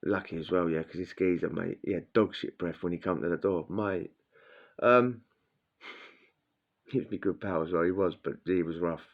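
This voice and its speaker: A man's voice: sits low, moderate pace. A man telling a blunt, crude prison story in casual slang, acting out what people said. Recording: dull lo-fi sound.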